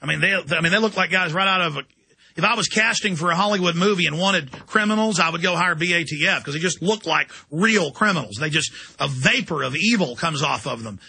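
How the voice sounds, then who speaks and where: A man's voice: a little high, lively intonation, brisk, gravelly, sharp tone, breathy edge. A man hosting a radio show, delivering an intense political rant and repeating words as he heats up. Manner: ranting, intense, repeats words when heated. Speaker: radio host.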